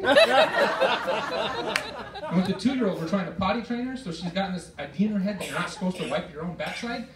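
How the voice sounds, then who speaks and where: A middle-aged man performing stand-up comedy, telling stories in an exasperated way with shouted outbursts. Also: high voice, fairly quick, long pauses, over a noisy crowd. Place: performance hall with a live audience. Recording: roomy hall recording from far off, loud noise.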